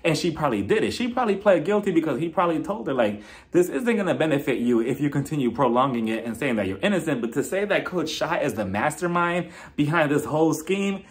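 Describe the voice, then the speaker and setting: A gossipy young man chatting through a reality TV recap in a higher-than-usual voice. His pitch swings up and down as he laughs and mimics the cast in quick asides. The feel is a casual solo vlog. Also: sing-song. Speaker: TV recap reviewer.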